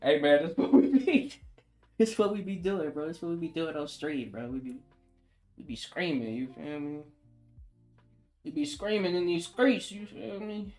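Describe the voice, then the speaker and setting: A male streamer chats loosely with his viewers while drawing, trading slangy jokes and breaking into laughs. His pitch swings widely as he teases, then drops low while he focuses. Soft music plays faintly behind him. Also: animated, normal speed. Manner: joking, laughs often, slangy banter with chat.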